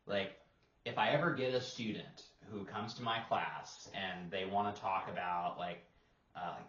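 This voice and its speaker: Low-voiced man chatting casually, roomy sound. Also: unhurried, highs cut off. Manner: relaxed, rambling with many fillers. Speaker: English teacher and podcast co-host. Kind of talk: casual roundtable discussion.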